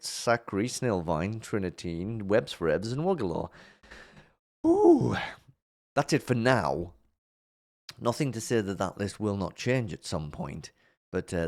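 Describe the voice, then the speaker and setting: Brief: male host, lowish voice, casual gushing chat, rambles and restarts. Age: adult parent of a twelve-year-old. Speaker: object show reviewer and host.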